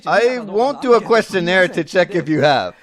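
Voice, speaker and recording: Male lecturer, high-pitched voice, chatty tone, quizzes his viewers. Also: animated, moderate pace. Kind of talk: dubbed online lecture.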